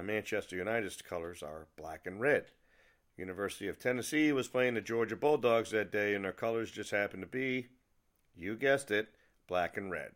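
Brief: middle-aged male podcast host from New England, low voice, wry storytelling. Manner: wry, lively storytelling with asides. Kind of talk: personal storytelling.

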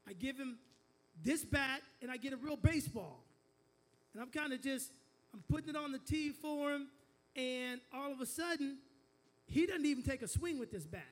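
A man's voice: very high voice, lively intonation, moderate pace. A man preaching a sermon as pastor, telling a family story, stumbling into restarts and calling on the congregation to repeat after him. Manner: storytelling with call-and-response to the congregation; frequent stammered restarts.

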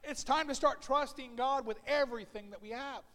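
A male pastor with a strikingly high voice delivers a fervent sermon. He hammers home repeated calls and builds up to shouts. The sound carries a long reverb from a church hall. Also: moderate pace. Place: church sanctuary.

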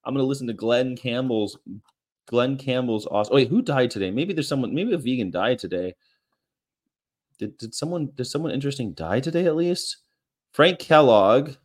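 A man's voice: medium pitch, animated, normal speed. A man vlogging in a casual, rambling monologue with offhand, crude, jokey asides.

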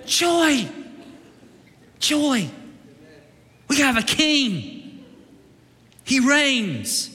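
A man preaching a lively, joking sermon as pastor, shifting into loud shouts and mock voices. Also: very high-pitched, long reverb tail. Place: church sanctuary.

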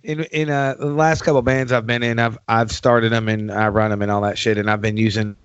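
A man's voice: on the low side, flat delivery, fairly quick, slight background noise. A man hosting a podcast, telling drumming stories with lots of swearing and acting out his old rants. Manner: profane, tells stories, acts out angry past rants. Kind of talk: casual podcast chat. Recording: dry, dull lo-fi sound.

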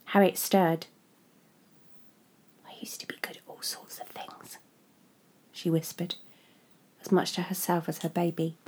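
A woman narrating a literary story in a measured, restrained way. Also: lowish voice, warm tone.

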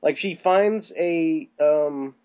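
A man's voice: fairly high pitch, drawn-out words. A man talking casually about a film, rambling with lots of restarts and casual swearing. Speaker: podcast co-host. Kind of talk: casual film-review chat. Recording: slightly dull, lo-fi podcast audio.

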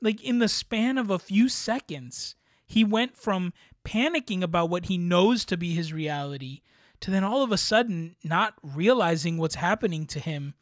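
A man's voice: high voice, moderate pace, no room sound, studio quality. A man co-hosting a podcast, earnestly and passionately praising a film's acting in casual chat. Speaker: podcast co-host. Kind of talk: casual film review chat.

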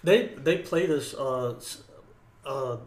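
A man's voice: mid-range voice, slow pace. A young man co-hosting a podcast, telling profane stories in casual chat and acting out the voices of the people in them. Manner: profane, animated, acts out the voices of others in his stories. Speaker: podcast co-host, former Marine. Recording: echoey room.

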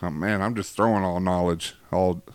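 A low, smooth-voiced man hosting a casual faith chat. He rambles and jokes, packing his talk with fillers, and the sound is dry and close. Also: fairly even intonation, normal speed, no room sound. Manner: rambling, jokey, many fillers. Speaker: host.

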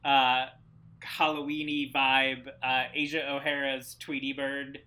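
A man's voice: medium pitch, flat delivery, a little slow, bright, forceful tone. A man guesting on a casual podcast who rambles enthusiastically, with lots of fillers. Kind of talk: casual chat.

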